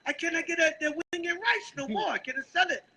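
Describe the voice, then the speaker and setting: A man's voice: very high-pitched, expressive, quick pace, sharp tone, pitched above the performer's own voice, exaggerated voice. A man with a Brooklyn, New York accent mimicking a bitter, fed-up man in a mocking way.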